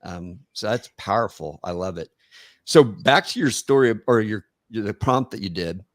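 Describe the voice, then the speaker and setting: Man, interview host, reflective, conversational, low pitch, dry recording. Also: animated, moderate pace, no echo. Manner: reflective, conversational, thinks aloud. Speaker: podcast host. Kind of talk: casual interview chat.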